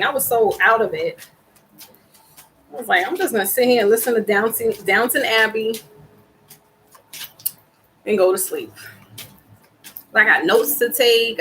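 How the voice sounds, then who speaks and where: A woman's voice: a little high, fairly bright tone, slight background noise, low-quality recording. A woman giving a casual tarot card reading, chatty and rambling as she talks straight to her viewers. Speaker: tarot reader.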